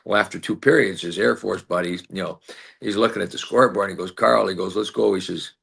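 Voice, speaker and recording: Low gravelly-voiced man telling stories. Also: quick pace, fairly bright tone. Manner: rambling, many fillers, acts out quotes. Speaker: former player, team broadcaster. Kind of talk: storytelling in an interview.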